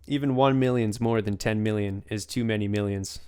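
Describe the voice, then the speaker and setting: Smooth-voiced young man rambling a story. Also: lowish voice, steady tone, brisk, a little mellow. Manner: rambling storyteller, laughs often, says "man". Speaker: podcast host. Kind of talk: casual chat.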